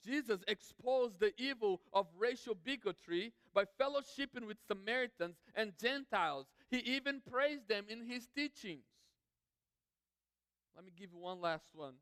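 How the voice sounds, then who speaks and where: A man's voice: high-pitched, lively intonation, normal speed, fairly bright tone, clean tone, no room sound, in a large hall. A man preaching a sermon as pastor, emphatic, building lists and repeating his phrases.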